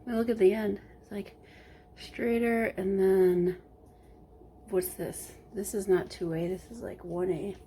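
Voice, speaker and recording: A woman's voice: mid-range voice, fairly even intonation, unhurried, mellow, slight background noise. A woman chatting casually to the camera from home, rambling between topics and sometimes dropping to a whisper. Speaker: vlogger. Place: at home, working from home.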